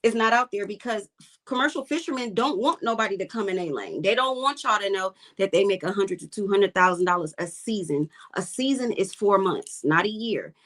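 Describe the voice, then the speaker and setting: A woman's voice: mid-range voice, lively intonation, brisk, fairly bright tone. Blunt, emphatic woman fisherwoman guest. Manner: blunt, emphatic, repeats her points. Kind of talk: casual interview talk.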